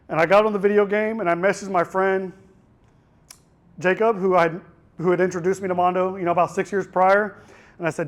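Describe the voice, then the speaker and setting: A man's voice: high voice, steady tone, fairly quick. A young man giving a keynote speech, telling a personal story in a raw, emotional way with frequent restarts. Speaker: keynote speaker. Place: conference hall.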